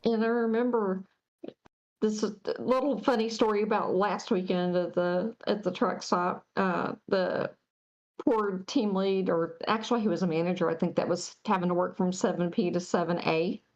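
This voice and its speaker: A woman's voice: medium pitch, steady tone, normal speed, darkish tone, muffled recording. A woman co-hosting a podcast, telling a playful story in a giggly, casual way. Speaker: podcast co-host. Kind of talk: casual chat.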